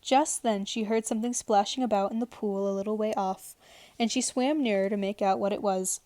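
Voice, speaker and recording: A woman narrating a storybook aloud in a calm, even read-aloud manner. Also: mid-range voice, dry recording. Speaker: audiobook narrator. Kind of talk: storybook reading. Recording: dry home recording. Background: faint television sound.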